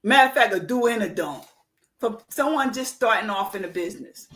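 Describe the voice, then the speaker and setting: A woman's voice: medium pitch, lively intonation, brisk, fairly bright tone. A woman hosting a podcast, talking loosely in casual chat with restarts and frequent affirmations. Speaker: podcast host.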